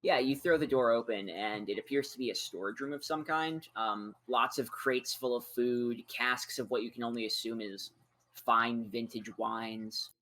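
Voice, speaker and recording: Relaxed guy gm describing the scene, mid pitch, chill and chatty. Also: moderate pace. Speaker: game master. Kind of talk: narrating a tabletop game.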